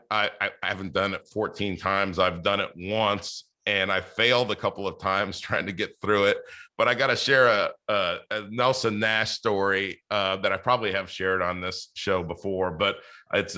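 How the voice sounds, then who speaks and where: A man's voice: deep voice, steady tone, moderate pace, bright, forceful tone. A man hosting a podcast interview, chatting casually with plenty of fillers and restarts. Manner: rambling, many fillers and restarts. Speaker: podcast host.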